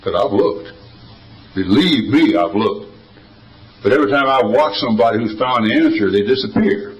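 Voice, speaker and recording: A man's voice: medium pitch, animated, normal speed, roomy sound, distant mic, lo-fi sound. An older man speaking at a recovery meeting, telling stories in a folksy, wisecracking way. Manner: folksy, wisecracking, drawling storyteller. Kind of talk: storytelling talk at a recovery meeting.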